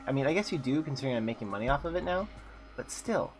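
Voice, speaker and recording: A gaming channel host races through his commentary in a lively, medium-pitched voice, joking around and reading game dialogue out loud. Faint game music runs in the background.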